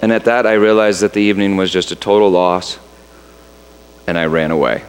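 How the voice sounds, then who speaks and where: A middle-aged father telling a funny family story in an animated way, now and then putting on the voices of children. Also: low voice, brisk. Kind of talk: storytelling talk. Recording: reverberant hall.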